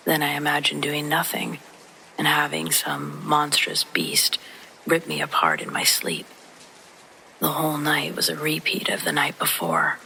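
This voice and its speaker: A narrator whispering a true horror story in a soft, hushed voice, with faint rain behind. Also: mid-range voice, a little slow, vocal fry, a little hiss or hum, low-quality recording.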